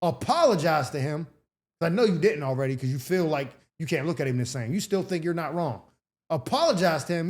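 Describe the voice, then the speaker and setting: A man's voice: a little high, lively intonation, a little fast, darkish tone. A man hosting an advice show, reading letters and answering them in a blunt, profane, sarcastic way with slang-heavy casual talk. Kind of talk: advice commentary rant.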